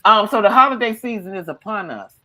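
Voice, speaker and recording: A woman's voice: medium pitch, a little fast. A woman hosting a comedy podcast, chatting casually and acting out the people in her stories. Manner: animated storyteller acting out quotes. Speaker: podcast host.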